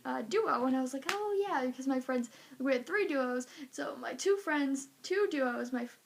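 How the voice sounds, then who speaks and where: A woman with a high voice tells a story to her camera in a casual vlog. She is animated and acts out each reaction, scattering "like" through her sentences. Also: normal speed, creaky, a little hiss or hum. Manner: animated, acting out reactions, lots of "like". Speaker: vlogger.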